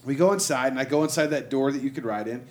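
A man telling a long road-trip story in casual, profane chat, jumping into higher voices to act out what people said. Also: quick pace. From Texas. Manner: animated, acts out quotes in a raised voice, lots of "like" and swearing. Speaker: storyteller guest.

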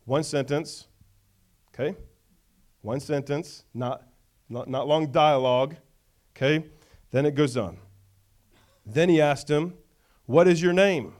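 A man's voice: mid-range voice, takes it slowly, long pauses, darkish tone. A male pastor preaching a conversational sermon, often checking in with the congregation.

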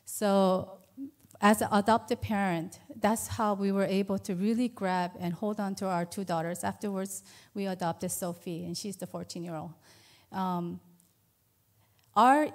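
A woman in her fifties giving a personal church testimony as an adoptive mother, earnest and conversational with many fillers. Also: mid-range voice. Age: 50s.

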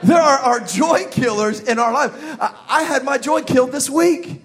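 Animated high-voiced pastor preaching. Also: male voice, normal speed, faint music behind. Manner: animated storytelling with sound effects and shouted emphasis. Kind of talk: comedic sermon. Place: church service with live congregation.

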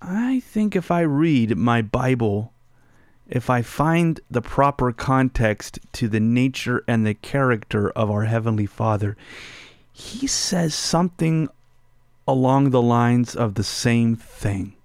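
A man preaching a sermon, telling a family story in a chatty way, asking the listeners questions and going soft and slow on key lines. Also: mid-range voice, animated, no room sound. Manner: conversational, asks listeners rhetorical questions.

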